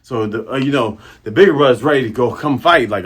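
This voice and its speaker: A man hosting a casual manga chapter review, excitable and acting out the scenes as he describes them. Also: mid-range voice, fast talker, breathy edge. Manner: animated, excitable, acts out scenes.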